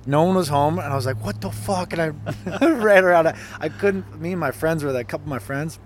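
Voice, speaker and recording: A man co-hosting a podcast, telling an animated story in casual chat with lots of swearing. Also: on the high side, fairly quick, slight background noise. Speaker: podcast co-host.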